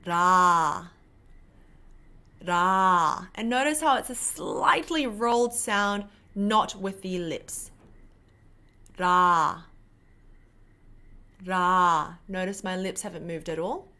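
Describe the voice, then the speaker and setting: A young woman teaching Korean pronunciation to camera, demonstrating sounds slowly and repeating syllables louder. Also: medium pitch.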